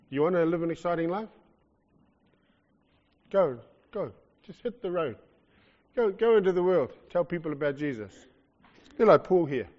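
New Zealand male preacher, fairly high voice, lively and joking, dull muffled sound. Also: long reverb tail. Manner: animated, jokey, swings from loud to soft. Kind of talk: sermon. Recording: lo-fi muffled recording.

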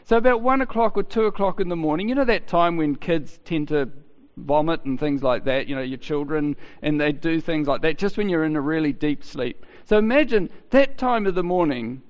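A man preaching a sermon in a chatty, halting way, often restarting his sentences. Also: a little high, expressive. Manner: conversational, halting with many restarts. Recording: dull sound with long hall reverb.

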